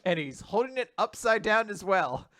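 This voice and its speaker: A man's voice: high-pitched, big pitch swings, moderate pace, fairly bright tone, no echo. A young man hosting a casual manga recap podcast, chatty with laughing asides. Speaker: podcast host.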